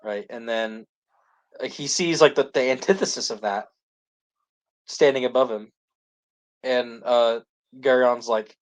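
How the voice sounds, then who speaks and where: A man's voice: medium pitch, a little slow, pauses often. A man co-hosting a podcast, recapping a series in casual chat full of "like" and restarts. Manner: rambling, heavy use of "like" and restarts. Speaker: podcast co-host.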